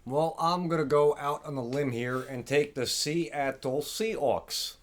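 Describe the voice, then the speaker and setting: A man in casual sports chat, laid-back and jokey, quick to tease the others. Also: a little high. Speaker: podcast co-host.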